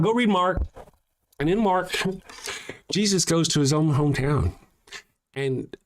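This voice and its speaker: A man hosting a show, ranting emphatically, with lots of repetition and profanity. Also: on the high side. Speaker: show host. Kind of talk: ranting commentary.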